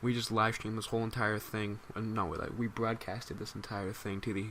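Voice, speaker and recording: A man's voice: lowish voice, little pitch movement, a little fast, fairly bright tone, slight background noise. A man telling a rambling, amused story as casual commentary for his gaming channel. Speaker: gaming YouTuber.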